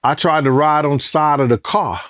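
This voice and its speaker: A man recounting events as a former bodyguard in an animated, profane interview, acting out voices and sounds. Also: a little high, moderate pace, no room sound, studio quality. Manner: profane, acts out quotes and sounds, rising excitement.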